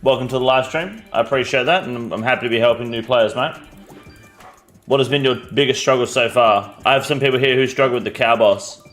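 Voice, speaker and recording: A man's voice: medium pitch, a little fast, fairly bright tone, faint music behind. An Australian man live-streaming a game, chatting bluntly and answering viewers' questions, swearing freely. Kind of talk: casual live-stream chat.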